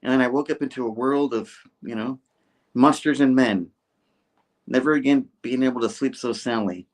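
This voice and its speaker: A man playing a wealthy adult male genius, confident and reflective. He talks in a measured, explaining tone. His voice is only slightly raised from the man's own. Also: medium pitch, pitched above the performer's own voice, natural voice.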